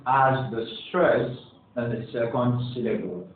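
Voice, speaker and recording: A man's voice: medium pitch, a little slow. A man teaching a pronunciation lesson to a class, encouraging the students, putting questions to them and praising their answers. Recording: echoey, distant, phone-like with faint hiss.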